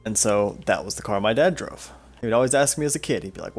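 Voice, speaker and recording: A man's voice: lowish voice, expressive, fast talker, few pauses, soft background music. Rambling, profane young man streaming. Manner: rambling, profane, laughs often. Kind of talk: casual storytelling while playing a game.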